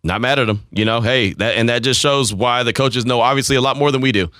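A man in his forties hosting a sports talk radio show, chatty and animated, often acting out quotes. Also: medium pitch, quick pace, smooth, no echo, clean studio sound. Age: 40s. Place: radio studio.

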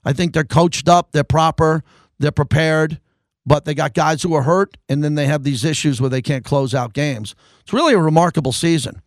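A sports talk radio host with a high, tenor-ish male voice rants into a studio microphone. He is fired up, his delivery swinging between loud bursts and low grumbles. The sound is dry and close, with no room around it. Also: steady tone, moderate pace, dry recording.

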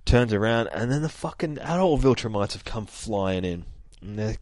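A man at home talks casually through a comic, full of fillers and easy swearing. He keeps his voice down so he won't wake a sleeping child. His voice is lowish and the sound is close and dry. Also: expressive, moderate pace, darkish tone, no echo. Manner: holds his voice down. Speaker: comic book reader. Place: home with a child asleep nearby.

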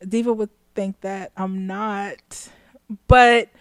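A woman's voice: medium pitch, fairly even intonation, takes it slowly, smooth, no echo. A woman talking through her thoughts on a casual talk show, circling back and restarting as she goes. Her voice sits in a middle range and the sound is dry and close. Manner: reflective, frequent self-restarts, laughs often. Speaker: podcast co-host. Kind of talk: casual chat.

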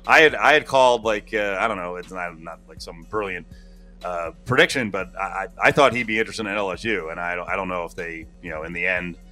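A man hosting a casual sports talk show, talking in a rambling, animated way. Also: low voice, fairly quick, soft background music.

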